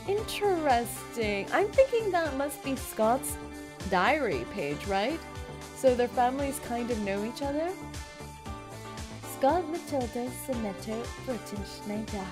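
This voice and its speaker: A woman streamer reading a game's story aloud and reacting with excitable commentary. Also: on the high side, a little slow, music in the background. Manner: excitable, reads story text aloud, bursts into loud reactions. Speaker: streamer playing a game.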